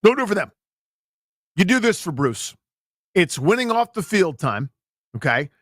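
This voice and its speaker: Playful, animated male radio host. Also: high voice, moderate pace, no echo, studio quality. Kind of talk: casual radio banter.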